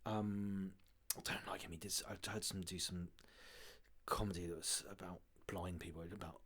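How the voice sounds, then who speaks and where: A man's voice: low voice, normal speed, slightly rough. A man from the south of England co-hosting a casual podcast, rambling through stories with frequent laughter. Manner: rambling, laughs often, animated storytelling. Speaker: podcast co-host. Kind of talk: casual chat.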